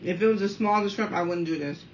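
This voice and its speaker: A woman in her thirties from the Washington, D.C. area, chatting casually while eating on camera at home and keeping up a steady stream of remarks to her viewers. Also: mid-range voice, fast. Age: 30s. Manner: talkative, keeps addressing viewers as y'all. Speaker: mukbang vlogger. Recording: dull, slightly distant sound with faint room noise.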